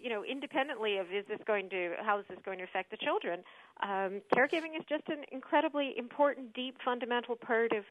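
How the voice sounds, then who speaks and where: A woman speaking as an expert guest on a radio show, explaining things in a thoughtful, measured way with frequent hesitations. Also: on the high side, no room sound. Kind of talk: explanatory radio interview answers. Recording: dry, narrowband phone-like line.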